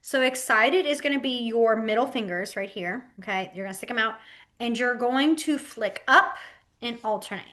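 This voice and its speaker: A woman teaching a beginners' sign language class over a webcam, giggly and lively, acting out her examples with her voice. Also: a little high, normal speed. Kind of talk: online class instruction. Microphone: webcam mic on a video call.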